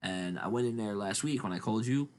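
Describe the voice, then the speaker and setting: A podcast co-host rambles through profane stories on a casual chat show, speaking fast in a lowish male voice. Steady background noise runs under the recording.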